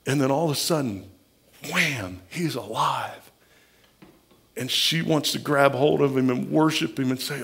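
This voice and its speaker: Gravelly Midwestern pastor preaching. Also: male voice, medium pitch, a little slow, a bit bright. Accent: Midwestern American. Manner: conversational, acts out quoted voices. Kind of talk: sermon.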